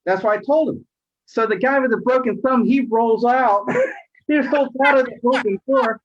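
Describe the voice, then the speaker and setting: A middle-aged man, a rideshare driver, telling a story in casual chat, animated and acting out quoted voices. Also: extremely high pitch, normal speed. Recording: dull lo-fi audio.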